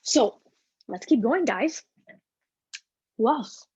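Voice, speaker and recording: A woman guest speaker giving a casual, energetic motivational talk to a team over a video call, with plenty of slang. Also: fairly high pitch, slow pace, muffled recording, background noise.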